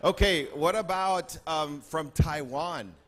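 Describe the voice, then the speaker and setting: A man speaking on stage at a convention, playfully calling out to groups in the crowd and shouting greetings. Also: on the high side, slow, slight background noise. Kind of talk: lively stage address to a crowd. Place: large convention hall with a crowd.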